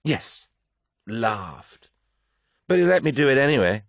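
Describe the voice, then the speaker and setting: A cultured woman writer, sunk deep in drink, slurring and raising her voice well above the reader's own, as a man puts her on. Her speech is bitter and unsteady, set against a dry, close sound. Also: sing-song, a little slow, dry recording. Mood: drunk bitter. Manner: slurred, drunken.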